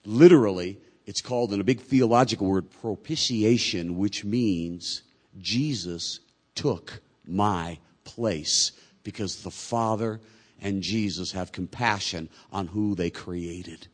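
A pastor with a fairly low-pitched voice preaches a sermon conversationally, shifting between hushed, slow passages and louder, quicker ones. When he quotes people, he gives them lively voices of their own.

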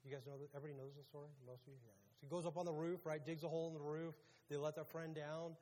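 A male pastor with a husky, somewhat high voice gives a relaxed, chatty sermon and keeps checking in with his listeners. His voice rings out with a long reverb, as in a large hall. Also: rapid-fire. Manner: casual, questions the audience. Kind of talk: conversational sermon.

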